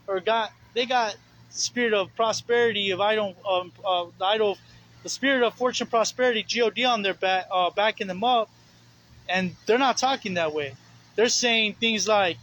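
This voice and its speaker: A man's voice: high-pitched, a bit bright, a little hiss or hum, low-quality recording. A man preaching informally outdoors, rambling and earnest, with many fillers. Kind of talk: informal sermon. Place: outdoors on the streets.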